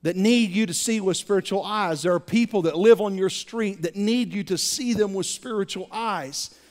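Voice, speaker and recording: A male pastor preaching a sermon, animated, repeating words as he builds to his points. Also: sits high. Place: church sanctuary. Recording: reverberant church sanctuary.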